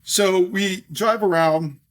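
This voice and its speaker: This middle-aged podcast guest has a high voice and a slow pace. He tells chatty, anecdotal stories in a casual interview, frequently tacking on "if you will".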